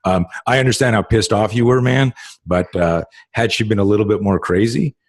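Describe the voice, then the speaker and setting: A middle-aged man with a very low, husky voice hosts a casual talk, telling long stories full of fillers and blunt swearing. He is recorded close and dry. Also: fairly quick, no room sound. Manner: rambling storyteller with many fillers and swearing. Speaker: podcast host. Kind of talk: casual conversation.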